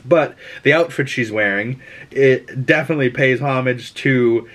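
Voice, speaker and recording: A man's voice: mid-range voice, unhurried, fairly bright tone. A man with a Boston accent hosting a casual TV episode recap, rambling and enthusiastic, with lots of filler words and mild swearing. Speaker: TV recap host.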